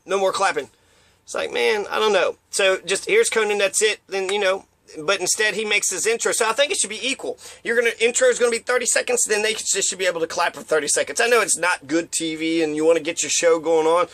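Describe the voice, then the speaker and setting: Profane ranting man, bright high voice. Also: fast talker. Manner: profane, rambling, mocks others with put-on voices. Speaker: commentator. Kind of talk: profane casual rant.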